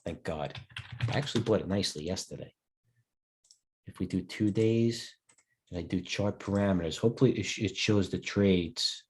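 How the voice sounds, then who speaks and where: Tired middle-aged guy, lowish voice, rambling live stock market talk, keeps breaking off for chat questions. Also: moderate pace, pauses often, a little hiss or hum. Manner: rambling, digressive, stops to answer chat questions. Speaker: host and stock broker.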